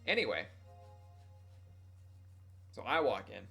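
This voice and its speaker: A young man streams and tells a meandering story to his chat, full of swearing and jokes at his own expense. His voice is bright and forceful, with a little game music playing faintly underneath. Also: on the low side, big pitch swings, takes it slowly, gravelly, slightly rough. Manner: rambling, profane, self-mocking.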